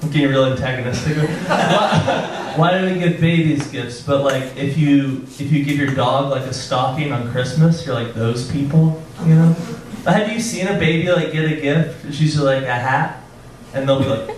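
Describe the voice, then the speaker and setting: A man doing a stand-up set, awkward and self-deprecating, halting with frequent ums. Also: on the high side, slight background noise. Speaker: stand-up comedian. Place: comedy club stage. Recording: roomy club sound from a distance with audience. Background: audience laughter.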